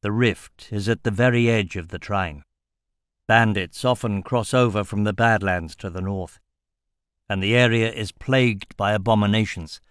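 A man voicing a shrewd older merchant who speaks in a slow, measured, calculating way. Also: on the low side, fairly bright tone, clean tone, no echo, clean studio sound, close to an everyday voice. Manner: slow, deliberate.

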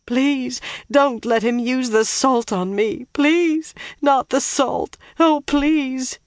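A frightened seamstress sobs and begs, her voice pushed up high and strained, put on by an audiobook reader. She is a woman at the end of her nerves. The recording is close and dry. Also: moderate pace, no room sound, close to an everyday voice. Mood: pleading. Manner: begging, breaking into sobs. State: crying.

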